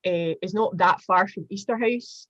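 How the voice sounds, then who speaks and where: A Glaswegian woman in her forties, a guest telling animated stories in a casual chat with lots of fillers. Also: medium pitch, moderate pace, no echo, highs cut off. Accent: Glaswegian Scottish. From Glasgow, Scotland. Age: 40s. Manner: animated storyteller, chatty with many fillers.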